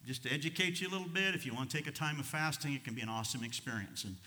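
Middle aged pastor guy preaching hard then going quiet, super bright sharp voice, big echoey hall. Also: racing. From United States. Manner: swings from loud fervent preaching to low, quiet asides. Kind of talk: sermon. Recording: long reverb of a large hall.

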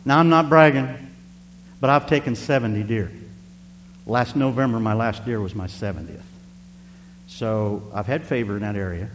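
A male preacher telling a personal story in a sermon, animated and speaking straight to the congregation. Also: fairly low pitch, normal speed, long pauses. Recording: reverberant hall with faint hum.

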